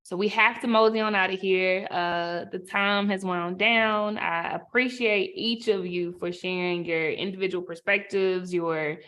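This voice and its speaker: A woman moderating a virtual panel on a video call, gentle and affirming, speaking softly as she wraps up. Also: lowish voice, fairly even intonation, unhurried, few pauses. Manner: gentle, affirming, soft-spoken.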